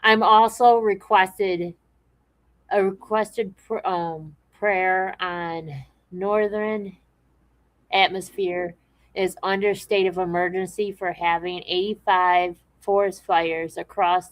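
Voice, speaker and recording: A woman co-hosting a podcast, chatting in a relaxed way and reading viewer comments aloud. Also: fairly low pitch, slow pace, poor audio. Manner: relaxed and conversational, with frequent restarts. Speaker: podcast co-host.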